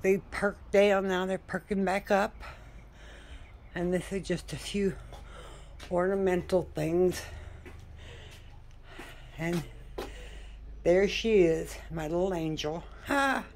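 Older woman vlogger, husky fry in the voice, unhurried, breathless homey chatter. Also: on the low side, flat delivery, darkish tone, a little hiss or hum. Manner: chatty, rambling, laughs often. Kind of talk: casual home video chat.

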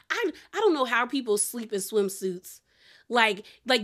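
A young woman talks through a reality TV episode in a loose, chatty recap. Her voice sits a little high, and she keeps the talk animated with plenty of "like" and "girl". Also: measured pace. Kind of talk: casual recap chat.

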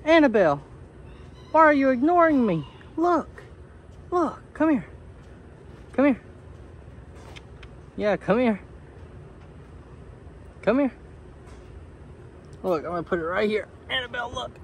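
A man talking casually to his goats on a homestead, coaxing and scolding them playfully, his voice jumping high when he is exasperated. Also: sing-song, takes it slowly, long pauses, muffled recording, slight background noise. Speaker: homesteader vlogger. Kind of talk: casual talk to farm animals. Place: outdoors on a homestead among goats and animals.

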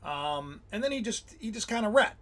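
A man hosting a casual livestream about Bible symbolism, rambling and excitable, often breaking off mid-sentence. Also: high voice, moderate pace. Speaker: livestream host.

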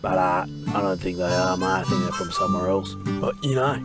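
A man's voice: low-pitched, fairly quick, over loud music, lightly acted. A man voicing an easygoing Australian bloke in an adult cartoon, drawling and swearing casually with an Australian accent. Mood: musing. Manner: drawling, swears casually, says yeah nah.

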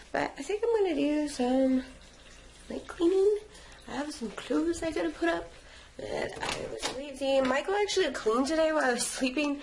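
A young woman with a mid-range voice vlogs from her couch at home, sounding sleepy and tired as she rambles chattily. There is slight background noise.

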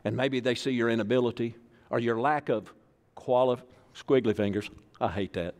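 A man's voice: medium pitch, moderate pace, a little mellow. A man from Arkansas, preaching a sermon as pastor in a folksy, joking style that calls on the congregation to repeat after him. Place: church sanctuary. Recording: echoey church hall.

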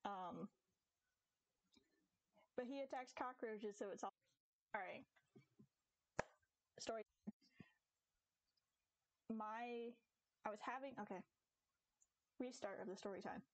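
A young woman chats away to her viewers as she plays, her voice fairly high and her talk full of giggles and stories that wander off on tangents. She sounds close to the mic in a dry, dead room. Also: slow pace, pauses often, dry recording, poor audio. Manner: chatty and giggly, rambling into stories. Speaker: game streamer. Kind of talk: casual chat while streaming a game.

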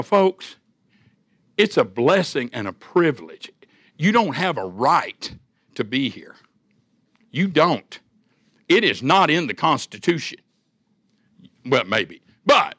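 A man's voice: fairly high pitch, bright, forceful tone, dry recording, studio quality. An older man, preaching a sermon as a church elder, with folksy storytelling and homespun humor.

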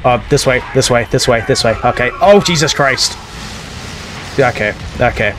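A man's voice: mid-range voice, steady tone, a little fast, noisy background. A man commentating on his own gameplay in a casual let's-play, joking and exclaiming at scares. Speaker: gaming video host.

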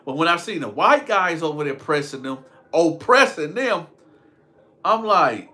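Young man, storytime vlogger, rambling, slangy, bright forceful voice, a bit high. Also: expressive, unhurried, pauses often. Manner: rambling, slangy, laughs at his own stories. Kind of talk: casual storytime monologue.

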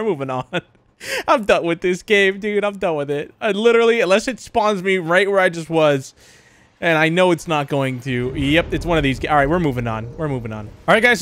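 A man's voice: a little high, fairly bright tone. A man giving chatty let's-play commentary on a horror game, laughing often and yelping when startled. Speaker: gaming YouTuber.

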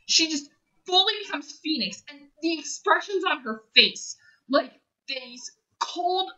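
A young woman talks through a film review in a high, very bright voice. She gushes, repeats her phrases and sounds close to tears at times. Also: poor audio. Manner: gushing, emotional, repeats phrases. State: choked up, near tears. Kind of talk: casual spoiler review monologue.

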